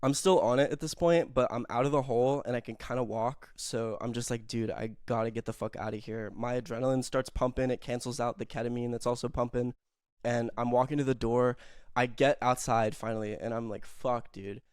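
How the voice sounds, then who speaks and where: A man's voice: mid-range voice, fairly even intonation, fairly quick, darkish tone, clean tone, no echo, clean studio sound. A young man telling a rambling, self-mocking story in casual chat, full of fillers and swearing.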